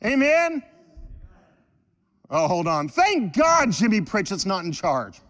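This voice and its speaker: A man preaching a sermon in church, animated and joking with the congregation. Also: high-pitched, moderate pace, long reverb tail. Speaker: pastor.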